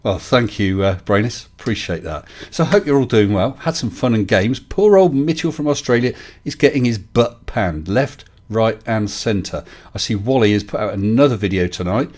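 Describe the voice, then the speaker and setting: A man's voice: lowish voice, expressive, moderate pace, a little mellow. A middle-aged man, hosting a casual live-stream chat from his home desk, joking and talking to viewers by name. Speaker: livestream host.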